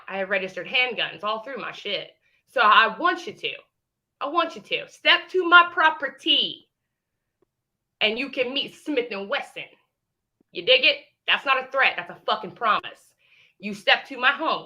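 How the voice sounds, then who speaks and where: Woman, bright edgy tone, heated livestream, brash and threatening. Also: medium pitch. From Indiana, United States. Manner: brash, threatening, sassy trash talk. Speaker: livestream caller.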